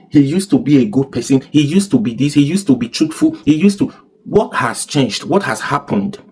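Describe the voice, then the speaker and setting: A man with a Nigerian accent giving animated political commentary, firing off rhetorical questions and slipping into Pidgin. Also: mid-range voice, husky.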